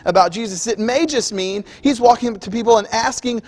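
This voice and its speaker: A man's voice: very high voice, a little fast, a little mellow. A male preacher giving a conversational sermon, acting out everyday scenes for the congregation in a church. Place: church auditorium. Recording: long hall reverb.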